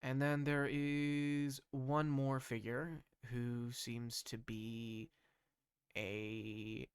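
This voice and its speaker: A man narrating a tabletop game as game master, unhurried and sometimes searching for words. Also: medium pitch, level tone, clear, resonant tone, dry recording, studio quality.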